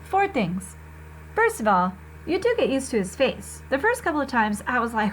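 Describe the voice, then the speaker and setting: A woman teacher reading a novel aloud to her students, expressive and conversational, talking to the class directly. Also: high-pitched, moderate pace, a little hiss or hum.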